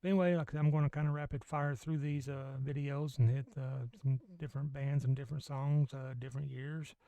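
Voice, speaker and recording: A man's voice: medium pitch, little pitch movement, brisk, vocal fry, warm tone, no room sound. A man hosting his own vlog, chatting casually and rambling with many fillers. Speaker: vlog host. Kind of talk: casual chat.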